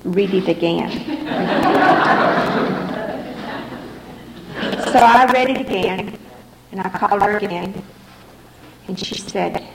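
A woman's voice: medium pitch, extremely slow, creaky, long pauses. A middle-aged woman giving earnest, repetitive personal testimony as a speaker at a recovery meeting in a hall. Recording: echoey room recording, faint background noise.

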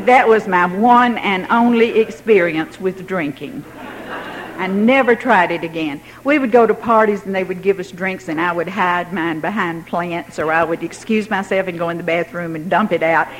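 A woman's voice: on the low side, moderate pace, low-quality recording. Older woman telling a wry story. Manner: wry, self-mocking, laughs through her story. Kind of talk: personal storytelling.

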